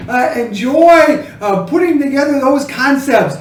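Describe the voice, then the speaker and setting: Guy teaching sign language, slow and halting, kinda high voice, sounds far from the mic. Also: roomy sound, slight background noise. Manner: slow and halting, with many restarts, acting out emotions with gasps and exclamations. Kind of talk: relaxed spoken sign-language lesson.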